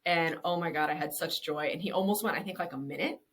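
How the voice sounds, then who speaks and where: A woman's voice: deep voice, fast. A woman in her thirties, a business owner and interview guest, chatting casually and candidly, swearing freely and laughing often.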